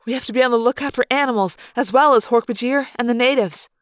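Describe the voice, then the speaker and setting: Woman doing a bold teen girl, brisk and teasing, bit higher. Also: dry recording, clean studio sound, lightly acted.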